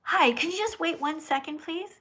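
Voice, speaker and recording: A woman hosting a live stream, reading donations aloud and lecturing slowly and bluntly. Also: very high-pitched, pushed and bright. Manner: blunt, scolding; slow, emphatic lecturing. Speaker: livestream host reading donations.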